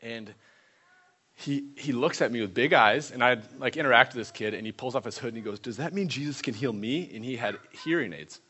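A man preaching, telling a lively testimony story and acting out the people in it. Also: mid-range voice, brisk, slightly rough. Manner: animated storyteller voicing others in quotes.

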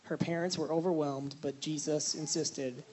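A man reading a scripture passage aloud in a steady, plain manner, now and then restarting a phrase. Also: a little high, moderate pace, a little hiss or hum, poor audio.

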